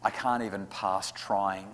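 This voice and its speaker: A man's voice: on the low side, slow, background noise. Man giving a talk in a reverberant hall. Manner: lively, acts out quotes of his kids. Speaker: speaker at a parent evening. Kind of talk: talk to an audience with questions. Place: school hall.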